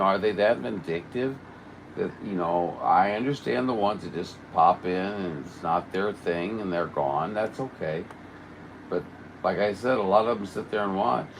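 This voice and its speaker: A man's voice: low-pitched, far from the mic, slight background noise. A man hosting a CB radio livestream, rambling and grumbling in folksy casual chat.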